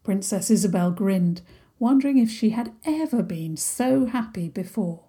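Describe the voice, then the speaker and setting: A woman narrating a children's story in a gentle, unhurried way. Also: medium pitch, lively intonation, slightly rough.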